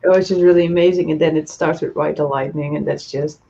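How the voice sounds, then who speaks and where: A woman co-hosting a casual music chat, relaxed and quick to laugh as she rates songs. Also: low-pitched, gravelly, muffled recording. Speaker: co-host.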